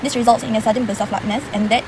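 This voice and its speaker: A woman student giving a scripted presentation on pronunciation, in a measured and careful explanatory manner. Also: a little high, fairly even intonation, background noise. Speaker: university student presenting an assignment.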